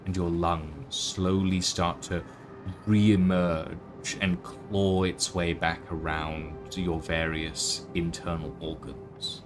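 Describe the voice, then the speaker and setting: A man narrating a tabletop game as game master, relaxed, with frequent fillers. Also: low voice, slow. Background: background music.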